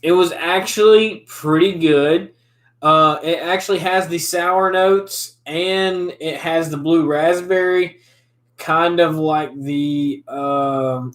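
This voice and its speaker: A man's voice: fairly high pitch, a bit bright. A man in his twenties chatting casually over drinks in a laid-back way, laughing often. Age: 20s. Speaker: host. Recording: echoey room.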